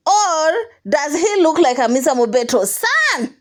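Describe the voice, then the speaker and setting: A woman hosting a casual celebrity gossip commentary. She talks in an animated way, laughs often and keeps asking emphatic rhetorical questions. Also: high voice, a little slow.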